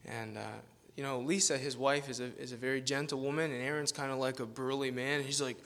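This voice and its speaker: A man's voice: medium pitch, flat delivery, a little fast, a bit bright. A man preaching as a guest pastor, telling a rambling, self-deprecating story in a casual manner and laughing often. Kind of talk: informal sermon with storytelling.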